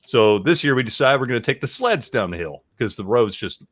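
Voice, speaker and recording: A man's voice: mid-range voice, sing-song, a little fast, no echo. A man from Tennessee telling a story in a rambling, casual way with lots of fillers. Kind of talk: casual chat.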